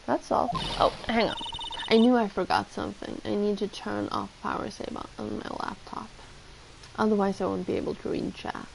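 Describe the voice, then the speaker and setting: A woman's voice: mid-range voice, a little fast, creaky, noisy background. A woman streamer reading game dialogue aloud and chatting between the lines, in a dramatic, chatty way.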